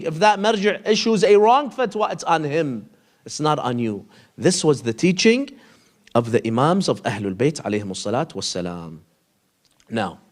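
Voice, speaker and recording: A man giving a storytelling sermon, with a fairly high voice that swings widely in pitch. He reaches up for questions and drops low and soft on key lines, and he recites short quotes in Arabic. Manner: addresses listeners as brothers and sisters, recites Arabic quotes. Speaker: speaker at an Islamic institute. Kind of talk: storytelling lecture to a congregation.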